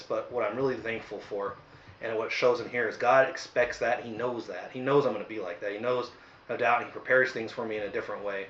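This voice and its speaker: A man's voice: lowish voice, a bit bright, lo-fi sound, a little hiss or hum. Earnest man reading scripture, roomy sound. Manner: earnest, thinking aloud with fillers. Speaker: host leading a Bible study. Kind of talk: casual Bible reading and reflection.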